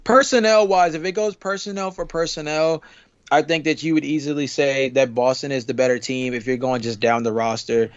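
A man co-hosting a casual sports chat, talking in a steady, analytical way. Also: a little high, a little fast, clear, resonant tone, no room sound. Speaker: podcast co-host. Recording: dry, dull lo-fi mic.

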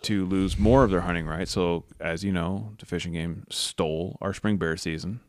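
Deep-voiced joking man, dry sound. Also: steady tone, moderate pace, darkish tone, no room sound. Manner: rambling, joking storyteller with blunt opinions. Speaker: podcast co-host. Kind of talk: casual podcast chat.

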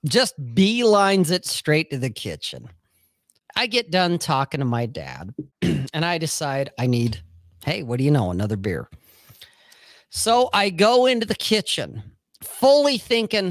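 A man's voice: on the high side, big pitch swings, measured pace, dry recording. A man telling a personal story in casual podcast chat, blunt and profane, often checking in with "okay?".

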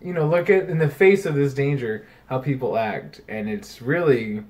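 A man co-hosting a podcast in casual chat, rambling and animated, swearing freely. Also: mid-range voice, moderate pace. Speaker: podcast co-host.

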